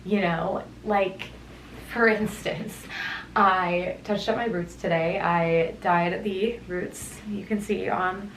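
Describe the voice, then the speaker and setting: A woman's voice: mid-range voice, a little hiss or hum. Thoughtful young woman musing on a roomy podcast. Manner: thoughtful, meandering, with tangents and soft laughs. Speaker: podcast host. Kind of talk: reflective solo podcast talk. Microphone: headphones on, studio-style mic.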